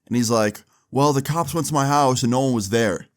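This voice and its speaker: A young man casually telling a long personal story, slangy and animated, acting out quoted dialogue. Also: mid-range voice, fairly quick. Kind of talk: casual storytime over gameplay.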